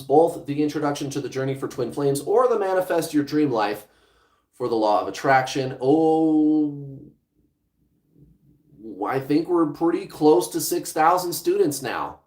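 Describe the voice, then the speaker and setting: A man's voice: on the high side, measured pace, a little mellow, reverberant. A man hosting a livestream as a relationship coach, speaking bluntly and casually, with some swearing, straight to his viewers.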